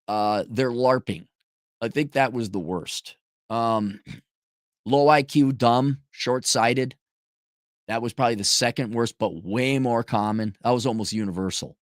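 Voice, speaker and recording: A man's voice: mid-range voice, measured pace, no echo, studio quality. A man hosting a show, giving blunt, sarcastic and profane commentary in a casual way while reading viewer donations.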